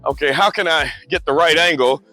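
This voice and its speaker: A middle-aged man telling joking stories in a casual monologue, animated, laughing often and repeating words. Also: fairly high pitch, brisk, faint music behind. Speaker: motorcycle vlogger.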